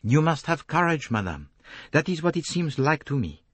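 A man reading an audiobook voices a fastidious middle-aged Belgian detective, precise and courteously relentless. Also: a little high, big pitch swings, a bit bright, breathy edge, no echo, voice pushed up, full character voice. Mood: gentle.

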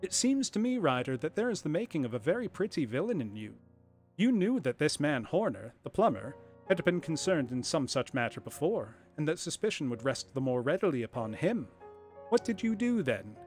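A man voicing a calm, stern male detective who speaks in a low, measured way. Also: faint music behind. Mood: cool.

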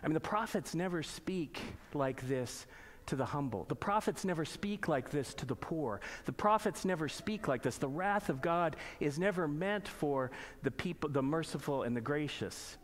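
A man preaching a sermon in a church, reading scripture slowly and then explaining it in plain conversational asides and pointed questions. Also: on the high side, lively intonation. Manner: asks the congregation pointed rhetorical questions. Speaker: pastor.

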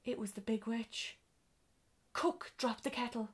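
A woman's voice: a little high, steady tone, a little slow, slightly rough. A woman reading a children's storybook aloud, with occasional slips and self-corrections.

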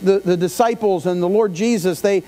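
A man's voice: sits high, moderate pace, dark tone. A middle-aged male pastor preaching a conversational sermon, often asking the congregation questions and adding asides. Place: church sanctuary. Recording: live church stream with long reverb and mains hum.

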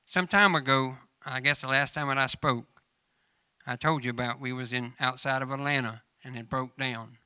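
A man's voice: medium pitch, steady tone, moderate pace, bright, forceful tone, clean tone, no room sound. A man with a Southern American accent preaching a folksy sermon, telling funny stories and addressing church members by name. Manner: humorous storytelling mixed with scripture reading.

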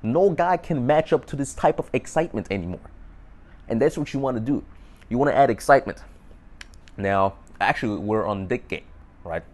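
A man's voice: mid-range voice, expressive, moderate pace, long pauses. A young man giving dating advice in a rambling, profane monologue to camera, often checking in with "right?".

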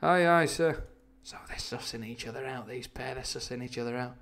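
A man's voice: medium pitch, flat delivery, fast, creaky, fairly bright tone. A man reading a novel aloud on a casual stream, breaking off for chatty asides and stumbling restarts.

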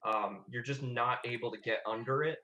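A man's voice: mid-range voice, moderate pace. A man running a tabletop role-playing game, easygoing and explaining rules to players. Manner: easygoing, steady, lots of fillers. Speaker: game master. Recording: roomy echo.

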